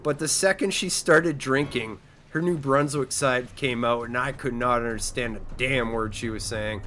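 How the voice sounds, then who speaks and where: A young man from Canada talks casually over his game, drifting from topic to topic and swearing freely. His pitch sits right in the middle for a man. Game noise runs clearly underneath his voice. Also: moderate pace, sharp tone. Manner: rambling, profane, chatty. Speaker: streamer. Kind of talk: casual gaming commentary.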